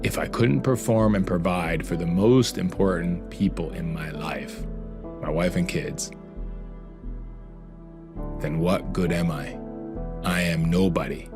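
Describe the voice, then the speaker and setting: A man's voice: sits low, slow, long pauses, over music. A man hosting a podcast, narrating a personal story in an earnest, reflective and heartfelt way. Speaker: podcast host.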